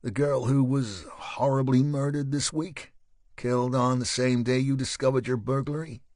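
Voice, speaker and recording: A man's voice: medium pitch, steady tone, moderate pace, a little mellow, dry recording, close to an everyday voice. A male narrator playing a police sergeant who questions a suspect in a dry, pointed way. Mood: probing.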